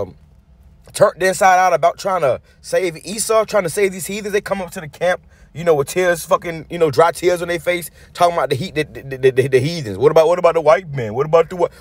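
A street preacher speaks fast in a voice on the high side with lively intonation, and there is no echo. He tears into a news clip with angry, sermon-style commentary, blunt and profane, frequently restarting and returning to a repeated tag word.

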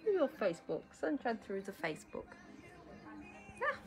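A woman's voice: on the high side, wildly swooping pitch, moderate pace, vocal fry, over music. A woman, a dance teacher, chatting casually outdoors on a live stream and laughing often.

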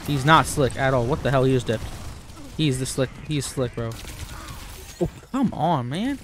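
A young man excitedly commentating his own gameplay, trash-talking and pleading with teammates. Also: mid-range voice, normal speed, background noise. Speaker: gamer streaming gameplay.

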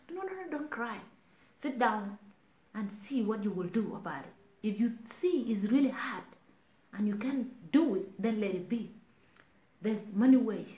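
A woman's voice: mid-range voice, dark tone. South sudanese woman pleading w her viewers, mixes languages, kinda echoey dull recording. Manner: earnest, pleading, mixing languages. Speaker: online talk host. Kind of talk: casual live-stream talk. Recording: roomy, dull lo-fi sound.

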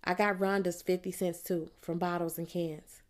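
A woman narrating an audiobook in the first person, telling the story in a plain, measured way. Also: lowish voice, little pitch movement.

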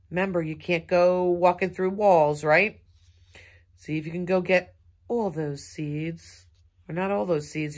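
Husky, sing-song kindergarten teacher, woman. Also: lowish voice. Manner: animated and sing-song, coaxing small children. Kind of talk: recorded remote lesson for young children.

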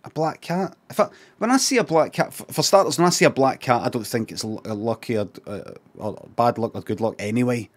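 A man's voice: medium pitch, lively intonation, a little fast, few pauses. Sweary Glaswegian man ranting. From Scotland. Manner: rambling, sweary, restarts a lot. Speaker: streamer. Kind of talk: casual reaction commentary.

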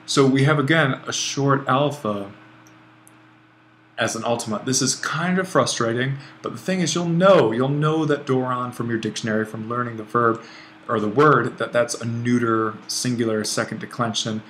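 A man teaching a grammar lesson over a screencast, relaxed and thinking aloud as he writes, often correcting himself. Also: mid-range voice, moderate pace, slight background noise. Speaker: Greek language instructor.

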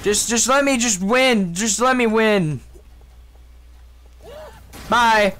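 A young man commentating his own gameplay, excitable and swinging between muttering and shouting. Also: high voice, takes it slowly. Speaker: gaming youtuber. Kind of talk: let's play commentary.

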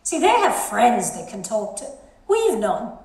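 An actress playing a frank, earthy middle-aged wife musing aloud in bed, wry and chatty. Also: female voice, huge pitch swings, measured pace, darkish tone. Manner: chatty, wry, swinging pitch. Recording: very echoey hall.

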